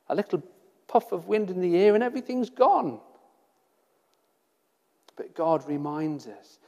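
A man with a fairly high voice preaches a sermon in an earnest, measured way. He keeps asking his listeners rhetorical questions and repeats key phrases. A long reverb trails his voice. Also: darkish tone.

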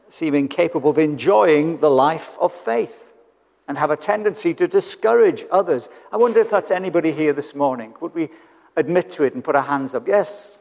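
A man's voice: a little high, creaky, a little mellow. A British man preaching a sermon in church, conversational and fond of rhetorical tag questions. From Britain. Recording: church hall with long reverb.

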